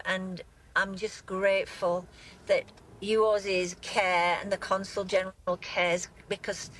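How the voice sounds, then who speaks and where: A grieving woman with an English accent speaks in a live news interview. Her voice is tearful and halting, with many broken-off sentences, and her pitch sits in a middle range. She talks from inside a moving car. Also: a bit bright, a little hiss or hum, poor audio. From England.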